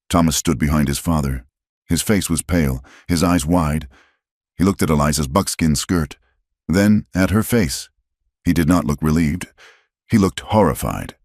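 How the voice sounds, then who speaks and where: A man narrating a western romance story in a measured, dramatic storytelling style. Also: rumbling low, darkish tone, no echo, clean studio sound. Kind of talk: scripted narration.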